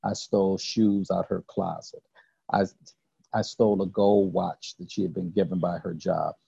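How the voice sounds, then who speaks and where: A deep, husky older man gives an earnest recovery testimony, his voice gravelly and mellow. He talks in halting, repeating phrases. The recording is dry and a little dull. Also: little pitch movement, no echo, faint music behind. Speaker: recovery speaker.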